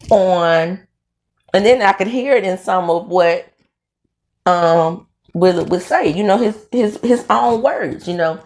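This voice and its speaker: Southern lady vlogger, low-ish voice, takes her time, lots of ums and restarts, talking around her aligners. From Mississippi, US South. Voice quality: speaks through dental aligners. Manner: animated storytelling with frequent fillers and restarts. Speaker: commentary vlogger. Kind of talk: casual commentary.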